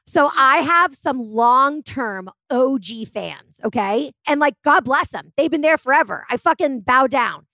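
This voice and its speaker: A woman radio host guesting on a podcast, chatting animatedly and swearing freely. Her voice is high and swings widely in pitch. The sound is dry and close. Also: animated, unhurried, hardly any pauses, pushed and bright, no room sound. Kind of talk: casual podcast chat.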